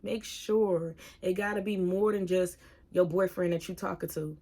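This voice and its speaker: A woman in her thirties talking openly in a personal vlog, earnest and halting, at times giving direct advice to viewers. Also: lowish voice, steady tone, mellow. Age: 30s. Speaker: single mom vlogger.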